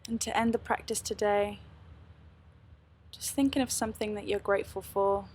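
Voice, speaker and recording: A woman yoga teacher guides a meditation in a slow, soft-spoken way. Her pitch sits in a middle range and barely moves, which keeps the delivery steady and even. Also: breathy edge.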